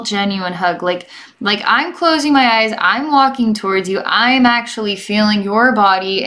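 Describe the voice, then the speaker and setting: Chatty, reassuring woman healer. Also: medium pitch. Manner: chatty, rambling, keeps checking in with "okay?"; gentle and reassuring toward the listener. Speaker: psychic energy healer. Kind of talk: relaxed guided healing session.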